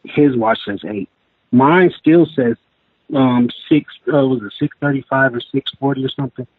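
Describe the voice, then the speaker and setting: A man's voice: mid-range voice, breathy edge, no room sound. Man telling a story over a tinny phone line. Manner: rambling, halting, many restarts and fillers. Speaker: guest telling his encounter. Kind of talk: casual storytelling interview.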